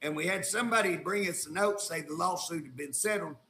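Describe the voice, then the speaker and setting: A state legislator with an Oklahoma accent tells a story on a casual talk show, folksy and indignant, using colloquial grammar. His fairly high, bright voice comes fairly quick with a forceful tone, in a roomy recording with a little hiss or hum.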